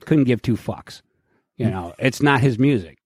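A middle-aged man co-hosting a podcast, telling a profane story in a casual, animated way and acting out what people said. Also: medium pitch, normal speed, husky, no room sound, studio quality. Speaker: podcast co-host.

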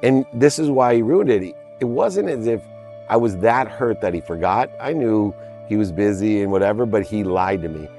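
A man's voice: on the low side, normal speed, dark tone, faint music behind. A man in his fifties, a podcast guest, telling a personal story in an emphatic, heartfelt way. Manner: emphatic, heartfelt storyteller who stresses key words. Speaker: interview guest.

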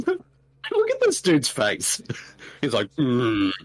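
A man's voice: high-pitched, very slow, husky. A man with an Australian accent, co-hosting a casual movie watch-along podcast and joking around. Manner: jokey, animated, laughs often. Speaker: podcast co-host.

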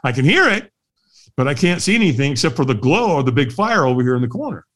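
Animated storyteller man, lively voice. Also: medium pitch, fast talker. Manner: lively, laughs often, acts out the voices of others. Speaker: guest, firewalk instructor. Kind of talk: animated storytelling in a podcast interview.

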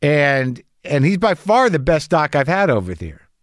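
A man's voice: a little high, very animated, measured pace, no room sound. Anxious, rambling man with a dry sound. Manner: anxious, rambling, self-deprecating storytelling; frequent restarts and swearing. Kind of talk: casual monologue.

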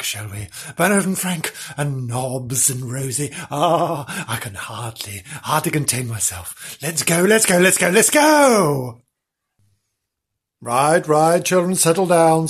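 A man narrates a parody children's story with a bouncy, sing-song delivery, swinging up and down in pitch. His voice is husky, and he keeps breaking off into rambling asides. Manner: over-excited, giggly, rambling. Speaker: storyteller host.

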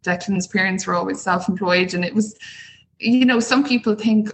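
In a low-quality recording with slight background noise, a woman speaks fairly quickly in a mid-range voice. She's a small business owner guesting on an interview podcast, talking casually and animatedly while acting out the voices she quotes.

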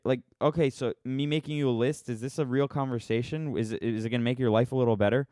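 A man's voice: mid-range voice, fairly even intonation, fast, few pauses, darkish tone, no room sound, studio quality. A man ranting casually to his viewers, sarcastic and rambling, poking fun at himself. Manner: sarcastic, rambling, self-mocking. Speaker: vlogger. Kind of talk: casual opinion rant.

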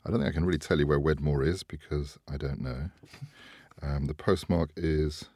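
Male host, deep voice, relaxed chatty delivery. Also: moderate pace, breathy edge, dry recording, clean studio sound. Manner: chatty, laughs often, trails off quietly. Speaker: podcast host. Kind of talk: casual chat.

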